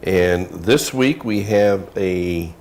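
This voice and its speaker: A man hosts a relaxed local TV segment, talking in a folksy, chatty way. His voice sits somewhat low. A faint hiss runs under the recording. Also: extremely slow. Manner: folksy, chatty, says y'all. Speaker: TV show host. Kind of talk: casual chat.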